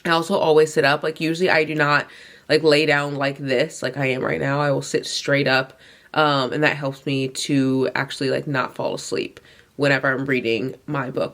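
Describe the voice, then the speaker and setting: Lying in bed in her bedroom at an early hour, a young book vlogger chats casually in a deep, expressive voice at an ordinary pace. She's drowsy, yawns, has a runny nose, and keeps restarting sentences and dropping filler, especially "like."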